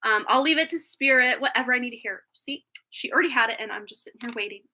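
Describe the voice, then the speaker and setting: A woman's voice: fairly high pitch, fast, bright, forceful tone, poor audio. A woman reading tarot on a live stream, bubbly and effusive, often giggling as she talks to viewers. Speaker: tarot reader.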